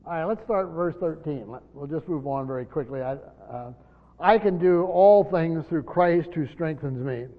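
Leading a Bible study, a fairly high-voiced pastor walks his class through scripture at a moderate pace. His delivery is emphatic, moving between loud stresses and hushed asides, and the audio sounds dull and lo-fi, echoing through a long hall.

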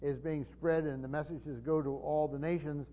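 A man's voice: fairly high pitch, little pitch movement, normal speed, slight background noise. A man teaching a Bible sermon as a pastor, earnest and explanatory, with frequent fillers and restarts. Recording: dull long-reverb hall sound.

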